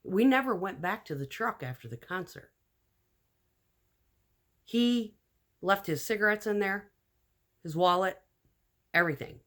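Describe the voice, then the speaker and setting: A woman telling a personal story in a casual storytime vlog, animated and blunt, acting out the lines of the people in it. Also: medium pitch, unhurried, long pauses. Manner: animated, acts out quoted dialogue.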